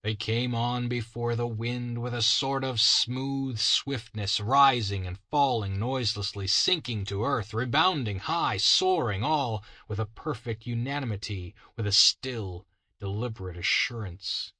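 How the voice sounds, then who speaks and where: A man reading a story aloud in steady, measured narration. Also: medium pitch, no echo. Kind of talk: scripted narration.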